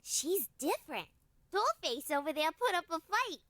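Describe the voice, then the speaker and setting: A woman's voice: very high-pitched, very animated, normal speed, a bit bright, a little hiss or hum, exaggerated voice. A woman voicing a brash female park spirit with a New Jersey accent and a blunt, streetwise drawl. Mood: gruff.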